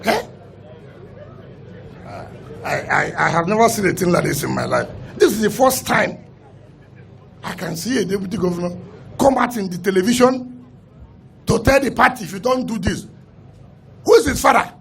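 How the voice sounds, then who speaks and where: A man's voice: sits high, lively intonation, normal speed, gravelly, pauses often, husky. A Nigerian man, a state governor, making a combative press statement with emphatic repetition. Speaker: state governor and party leader.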